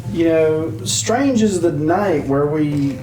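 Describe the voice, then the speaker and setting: A man's voice: a little high, takes it slowly, dark tone, roomy sound, far from the mic, poor audio. A man playing his character in a tabletop game, hesitant and politely old-fashioned. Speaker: player. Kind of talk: in-character tabletop role-play.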